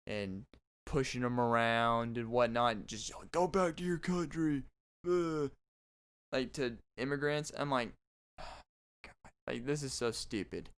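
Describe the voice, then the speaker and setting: Brief: young male podcast host, rambling comedic monologue, smooth clear voice, average pitch. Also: a bit bright. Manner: rambling, restarting, joking.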